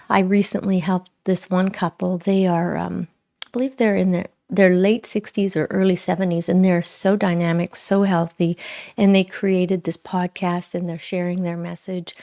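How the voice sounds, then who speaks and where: A middle-aged woman speaking earnestly and reflectively to viewers on a live spiritual talk, with frequent pauses. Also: mid-range voice, creaky, darkish tone. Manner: slow, pausing, earnest and self-reflective. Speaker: spiritual livestream host.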